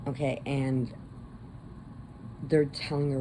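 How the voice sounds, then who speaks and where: A woman's voice: rumbling low, unhurried, vocal fry, warm tone, slight background noise, low-quality recording. A woman crochet vlogger chatting casually and rambling as she retells a movie plot. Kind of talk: casual chat.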